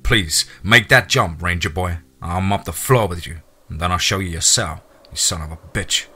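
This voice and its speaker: A man voicing a hostile, hot-headed male police officer who shouts accusations. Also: low voice, normal speed, husky, soft background music, full character voice. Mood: taunting.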